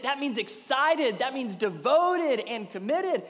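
A man preaching a sermon as a pastor, swinging from loud emphatic peaks down to hushed, near-whispered passages. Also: very high voice, animated, measured pace, few pauses, in a large hall.

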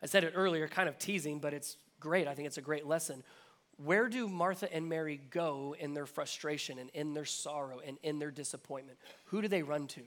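High-voiced earnest pastor preaching. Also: male voice, fairly quick, fairly bright tone. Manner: earnest, repetitive, rising emphasis. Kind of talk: sermon. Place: church.

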